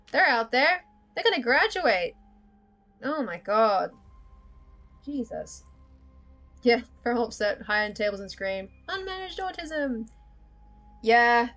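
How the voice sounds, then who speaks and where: Blunt and profane, a young woman hosting a livestream rambles casually and keeps breaking into laughter. Her slightly high voice has a bit of brightness, and faint music plays beneath it.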